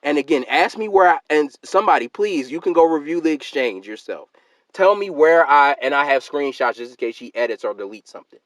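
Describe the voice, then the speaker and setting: A man's voice: on the high side, lively intonation, brisk, fairly bright tone, no echo, low-quality recording. Emphatic man ranting to his viewers. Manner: emphatic and argumentative, repeats points, calls listeners fam and sister. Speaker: YouTube channel host. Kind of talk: heated solo rant to camera.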